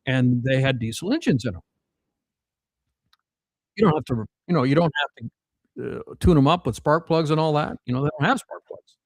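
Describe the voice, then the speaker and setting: A man's voice: mid-range voice, expressive, moderate pace, pauses often, dry recording, poor audio. A man from South Dakota telling rambling family anecdotes in a casual podcast chat, full of fillers and restarts. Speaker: podcast guest.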